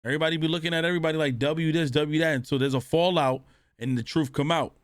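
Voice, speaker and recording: A man's voice: on the high side, fairly even intonation, quick pace, no room sound, clean studio sound. A man live-streaming a reaction, talking bluntly with lots of cursing and speaking straight to his chat.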